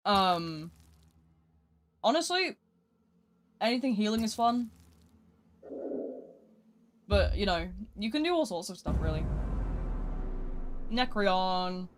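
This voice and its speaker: A British live streamer chatting casually and rambling while gaming, swinging between loud asides and quiet mutters. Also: medium pitch, very animated, slow pace, long pauses, a little hiss or hum.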